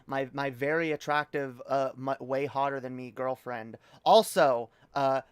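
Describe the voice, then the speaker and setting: A woman's voice: extremely low pitch, steady tone, measured pace, smooth, no echo. A woman streaming a reaction video, ranting heatedly and profanely with frequent restarts. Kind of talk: livestream rant.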